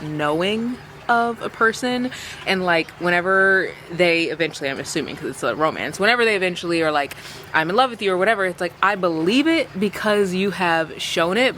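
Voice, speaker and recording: A young woman book vlogger talks casually and chattily, packing in fillers and reading dialogue aloud. Her voice is on the low side with a fairly bright tone, and a little hiss or hum can be heard.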